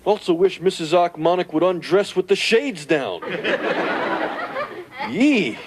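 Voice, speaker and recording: A man voicing a wisecracking, self-pitying male alien in a 1980s sitcom, gravelly and nasal, sarcastic and melodramatic. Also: high voice, lively intonation, slow pace, some chatter behind. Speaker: sitcom character. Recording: noisy TV audio with studio laughter.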